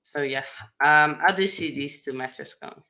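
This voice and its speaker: A man hosting a casual sports chat, halting and full of fillers and restarts. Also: a little high, bright, forceful tone. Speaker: host.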